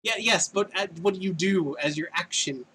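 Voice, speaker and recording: A man's voice: high voice, moderate pace, sharp tone, breathy edge, poor audio. A man running a tabletop game as dungeon master, casually tallying dice rolls and narrating the fight. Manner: casual, rolling dice and tallying damage aloud.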